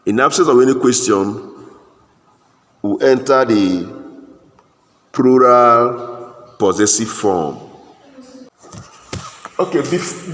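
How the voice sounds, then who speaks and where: A man's voice: mid-range voice, a bit bright. A man teaching an English grammar class, often asking the class "what?" and then answering himself, with many repeats and restarts. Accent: Nigerian English. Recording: echoey classroom with faint noise.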